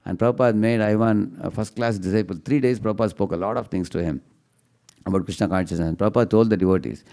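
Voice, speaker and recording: Low gravelly man giving devotional talk. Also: dark tone. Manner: chants verses in a slow singsong; tags lines with questioning "huh?" to the audience. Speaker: speaker giving a devotional class. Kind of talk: devotional storytelling lecture.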